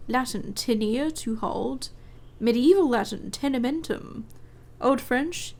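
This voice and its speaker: A woman streamer giving chatty, expressive commentary while playing a game, often giggling. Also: fairly high pitch, slow. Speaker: gaming streamer. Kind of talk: casual let's-play commentary.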